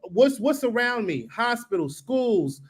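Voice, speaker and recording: A man's voice: very high-pitched, big pitch swings, a little slow, slightly rough. A man on a live stream talking casually and rambling, often asking "you know what I mean?". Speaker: guest building in the Caribbean.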